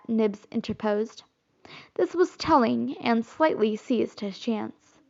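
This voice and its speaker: A woman narrating a children's classic as an audiobook, in expressive storytelling. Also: fairly high pitch, a little slow, creaky. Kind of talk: audiobook reading. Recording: slightly muffled recording.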